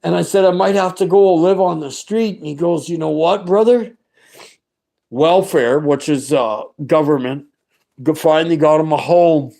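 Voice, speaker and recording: A man's voice: a little high, normal speed, vocal fry, mellow. A middle-aged man giving a personal religious testimony, talking in an earnest, rambling and fervent way with many restarts.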